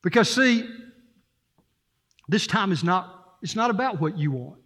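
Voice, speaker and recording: A man's voice: high voice, lively intonation, a little slow, a bit bright. A man preaching a sermon as interim pastor, earnest and storytelling, with emphatic repetition. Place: church sanctuary. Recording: reverberant church hall.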